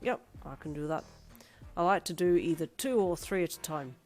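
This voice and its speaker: Woman doing a chatty Irish tattoo guy, folksy, loud and friendly, low-ish voice. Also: moderate pace, faint music behind, natural voice.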